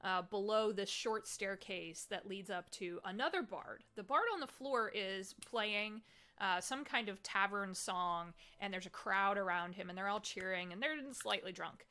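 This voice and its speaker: A woman's voice: mid-range voice, measured pace, pushed and bright. A woman running a tabletop game as game master, describing scenes in a chatty, descriptive way with many fillers.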